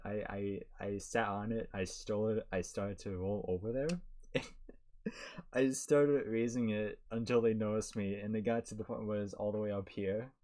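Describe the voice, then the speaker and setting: A man's voice: on the low side, steady tone, normal speed, darkish tone. A young man co-hosting a podcast, telling work stories in a rambling casual way with lots of fillers and laughter. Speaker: podcast co-host. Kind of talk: casual chat.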